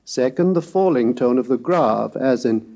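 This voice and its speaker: A man delivers a recorded scholarly lecture in a mellow, dark-toned voice. He speaks precisely and deliberately, sounding out rises and falls in pitch to illustrate his points. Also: expressive, vocal fry. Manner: measured, precise, demonstrates pitch glides aloud.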